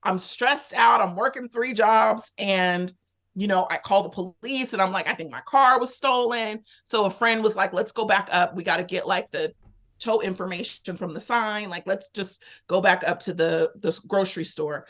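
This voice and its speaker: A woman, a podcast guest, telling a personal story in a candid, animated way, acting out her own thoughts as she goes. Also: mid-range voice, normal speed. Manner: animated, candid, lively retelling with quoted inner thoughts. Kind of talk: casual conversational storytelling.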